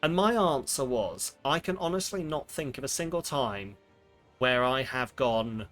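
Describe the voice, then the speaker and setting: A man's voice: mid-range voice, lively intonation, a little slow, a bit bright. Sarcastic man ranting over game music. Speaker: streamer. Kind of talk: casual live-stream chat.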